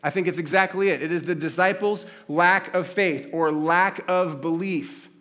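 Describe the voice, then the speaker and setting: Pastor, male, high voice, lively conversational sermon style with audience questions. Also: normal speed. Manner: conversational, animated storytelling with rhetorical questions.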